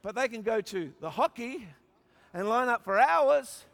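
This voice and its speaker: An Australian man delivers a sermon in a strikingly high voice. He drops to quiet asides, then rises to shouted, emphatic peaks. A long hall reverb trails every phrase. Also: lively intonation, measured pace, gravelly. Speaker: preacher.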